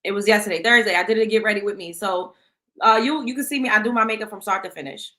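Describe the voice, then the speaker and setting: A woman's voice: medium pitch, quick pace, bright, forceful tone. A woman with a New York accent hosting a casual livestream, reading viewer questions and talking bluntly with lots of profanity. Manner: blunt, profane, reads chat aloud. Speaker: livestream host.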